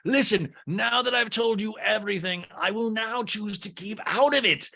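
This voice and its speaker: A man's voice: sits high, normal speed, vocal fry, bright, forceful tone, voice pushed up, exaggerated voice. Man doing a prim meddling older lady, sing-song. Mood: gossipy. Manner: sing-song, falsely innocent. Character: meddling posh older woman restaurant owner.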